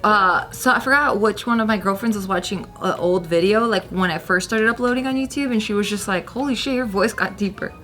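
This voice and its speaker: A woman's voice: medium pitch, brisk, hardly any pauses, bright, forceful tone. A young woman speaking frankly and playfully as a panelist in a casual group chat.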